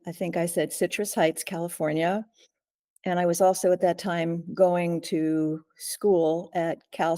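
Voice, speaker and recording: An older woman, a guest in an interview, recounting a frightening ordeal slowly and steadily, often pausing to clear her throat. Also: on the low side, mellow. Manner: measured, frequent throat clearing. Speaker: guest, author.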